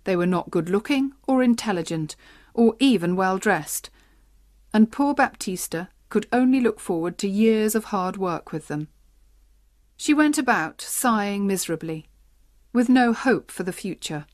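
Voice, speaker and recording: Steady woman storybook narrator. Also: mid-range voice, a little slow, no echo, studio quality. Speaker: audiobook narrator. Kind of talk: graded-reader narration for learners.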